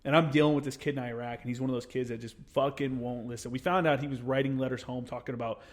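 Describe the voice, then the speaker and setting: Profane, animated veteran man telling a story. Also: medium pitch, fast. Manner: profane, animated storyteller who acts out quotes. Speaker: podcast speaker, military veteran. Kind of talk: casual storytelling chat.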